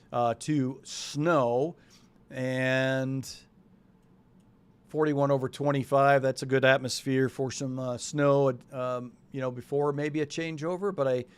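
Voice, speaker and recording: Smooth-voiced man chatting through the weather. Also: mid-range voice. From New England. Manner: loose and chatty, thinks aloud with many fillers. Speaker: weather show host. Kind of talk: casual live weather talk.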